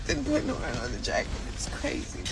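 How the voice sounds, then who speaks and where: Tearful high-voiced woman talking to herself. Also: gravelly. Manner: halting, emotional, talking to herself. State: tearful, breaking into crying. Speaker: boxer filming herself. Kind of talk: personal video diary.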